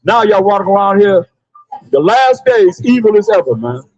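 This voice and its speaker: A man preaching loudly outdoors on a city sidewalk, calling out verses for a reader to read. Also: high voice, very animated, normal speed, dry recording, highs cut off. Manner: loud, preachy, calls on a reader and repeats the verses. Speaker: street preacher. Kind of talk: open-air street preaching.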